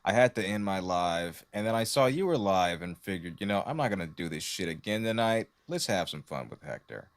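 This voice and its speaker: A man joining a livestream as guest, talking casually and warmly thanking the host. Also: low voice, a little fast, hardly any pauses. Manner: friendly, thankful, lively sign-off.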